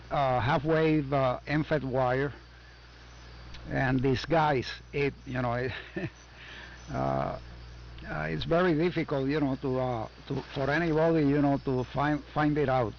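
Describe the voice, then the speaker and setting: Older man, Puerto Rican accent, friendly halting on-air chat, muffled radio audio, faint static. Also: on the high side, fairly even intonation. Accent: Puerto Rican Spanish. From Puerto Rico. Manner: friendly, halting, many "uh" and "you know". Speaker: ham radio operator. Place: home basement.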